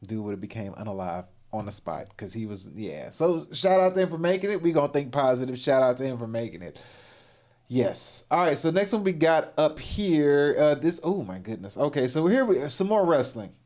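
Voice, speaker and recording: A man's voice: medium pitch, very animated, normal speed, a little mellow. A man hosting a livestream, giving casual, exclamatory reaction commentary and laughing often. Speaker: livestream host.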